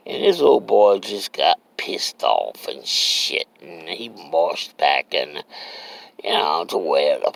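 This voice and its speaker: A man's voice: sits low, sing-song, takes it slowly, gravelly, no echo. A man with a Cajun accent telling a rambling, profane story, drawling and often checking that he is understood. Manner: rambling, drawling, keeps asking "you understand me". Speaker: comedic storyteller. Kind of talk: casual profane storytelling monologue.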